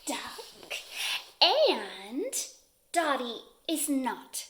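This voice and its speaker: Playful, bright-voiced preschool teacher. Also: female voice, sits high, wildly swooping pitch, very slow. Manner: playful and giggly, asks children questions. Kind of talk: reading a picture book to young children.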